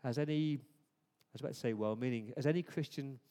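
A man's voice: medium pitch, brisk. Preaching man in an echoing hall. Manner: conversational, swings from hushed to emphatic. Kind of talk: sermon. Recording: long hall reverb.

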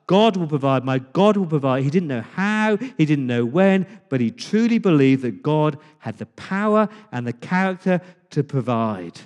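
A man preaching a sermon as pastor, speaking with passion, dramatic pauses and repeated words. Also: a little high, expressive, a little mellow, in a large hall. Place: church.

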